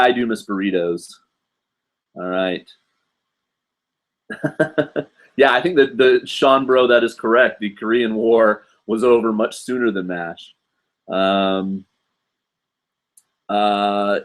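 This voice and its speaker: A man's voice: fairly low pitch, slow, long pauses. A man in his forties from the United States, hosting a live show and chatting in a rambling way, with lots of fillers and asides. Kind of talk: casual live stream chat.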